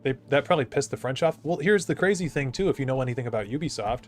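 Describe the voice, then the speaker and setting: A man's voice: medium pitch, lively intonation, fast talker, faint music behind. A man streaming a game, chatting casually with rambling asides while he plays. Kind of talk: casual gaming commentary.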